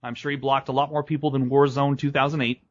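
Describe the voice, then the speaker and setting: A man hosting a wrestling podcast rambles and swears his way through casual chat, laughing often. His mid-range voice has little pitch movement, and the recording has its highs cut off.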